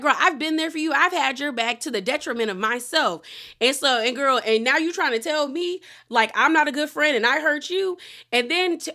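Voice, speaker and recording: Bright animated woman recapping reality TV. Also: high-pitched. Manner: animated retelling, quoting cast members with slangy asides. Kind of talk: casual episode recap.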